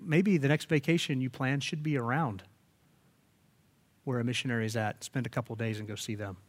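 A man preaching a sermon as pastor, animated and emphatic, often restarting his phrases. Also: fairly high pitch.

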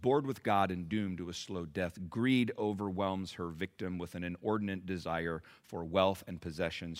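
Sex: male. Role: pastor. Style: sermon. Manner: emphatic, deliberate. Tone: bright and forceful. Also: on the low side.

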